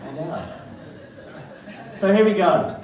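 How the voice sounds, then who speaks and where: A man's voice: high voice, very animated, slow pace, dull audio, very noisy. A man doing a stand-up comedy set in a live venue, self-mocking and dry, turning to the crowd with asides. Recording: roomy live stage sound from a distance. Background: audience laughter and room ambience.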